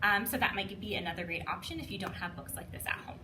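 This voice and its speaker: A woman's voice: mid-range voice, animated, quick pace, bright, forceful tone, slight background noise. A woman working as a communicative disorders assistant, giving a chatty instructional demonstration, now and then jumping into playful sing-song read-aloud voices. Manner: chatty with frequent "um" and light laughs.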